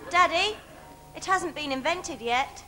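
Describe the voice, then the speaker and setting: A woman playing a sweet, wistful young pantomime heroine, earnest and soft-spoken in a live stage comedy. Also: very high voice, lively intonation, measured pace, faint music behind, full character voice. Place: theatre stage.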